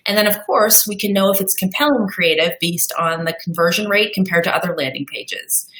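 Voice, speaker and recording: A woman's voice: on the low side, bright, forceful tone, reverberant, rough recording. A woman on a live marketing webinar, walking through slide examples in an upbeat way with a few fillers. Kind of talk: presenting tips on a live webinar.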